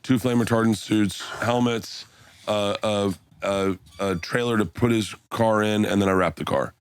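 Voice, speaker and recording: A man's voice: steady tone, normal speed, slight background noise. A middle-aged man telling rowdy stories as a podcast guest, swearing often and acting out his friends' lines in a raised voice. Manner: profane storytelling, acts out friends' lines in a high voice. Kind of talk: casual podcast chat.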